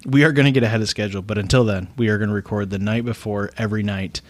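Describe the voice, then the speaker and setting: A man's voice: fairly low pitch, steady tone, racing, no echo. A man with a Midwestern accent co-hosting a casual podcast, rambling and correcting himself after a few drinks. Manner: rambling, self-correcting, tipsy banter. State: tipsy from wine. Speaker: podcast co-host. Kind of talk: casual chat. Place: home room. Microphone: close podcast mic.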